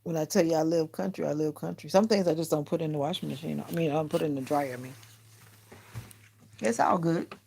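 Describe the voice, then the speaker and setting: Low, gravelly-voiced woman chatting on a stream. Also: a little fast, warm tone. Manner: rambling, laid-back and joking. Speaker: livestream host. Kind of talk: casual chat to viewers. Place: her bedroom at home. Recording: noisy home livestream.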